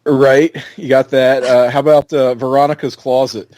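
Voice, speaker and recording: Easygoing man, halting chat, dry sound. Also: mid-range voice, flat delivery, a little mellow, dry recording. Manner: easygoing, halting with many ums. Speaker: podcast co-host. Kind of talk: casual chat.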